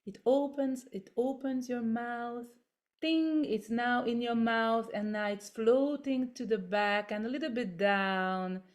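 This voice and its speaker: Woman, voice workshop leader, fairly high voice, slow and gentle, non-native English, video call. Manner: gentle step-by-step coaching with demonstrations. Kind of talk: guided voice and body exercises.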